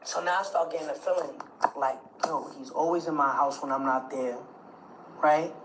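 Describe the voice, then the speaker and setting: A man giving an emotional, animated account of his own story in an interview, acting out other people's words and often stammering and restarting. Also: normal speed, noisy background. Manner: animated, acts out quotes of others with jumps in pitch and loudness.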